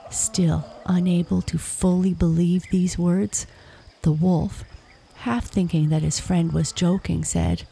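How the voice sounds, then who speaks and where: A woman narrating a fable in a slow, hushed storytelling manner. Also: fairly low pitch, level tone, slight background noise. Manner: slow, hushed, gravelly reading. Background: crickets.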